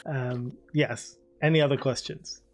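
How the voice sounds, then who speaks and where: A man's voice: mid-range voice, steady tone, unhurried, faint music behind. Easygoing British man running a game. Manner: chatty and easygoing, reads descriptions steadily then chats loosely. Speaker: game master. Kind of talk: running a tabletop game, reading adventure text.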